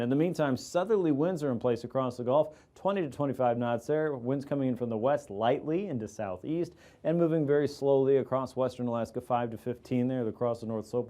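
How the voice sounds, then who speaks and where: A man presenting an aviation weather forecast as a meteorologist, in a steady explanatory delivery with occasional fillers. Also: medium pitch.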